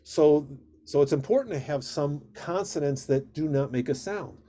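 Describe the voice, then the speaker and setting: A rabbi teaching a Hebrew reading class on a video call, patient and steady, drawing out vowel sounds in drills. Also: male voice, on the high side, moderate pace.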